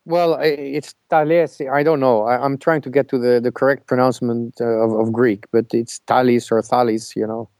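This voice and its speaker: A male caller with a gravelly, creaky voice at a middling pitch, speaking on a call-in show. He talks haltingly, stumbling over repeated words while he hunts for the right phrasing. The sound is dry and close. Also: steady tone, a little mellow, dry recording. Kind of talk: casual call-in conversation.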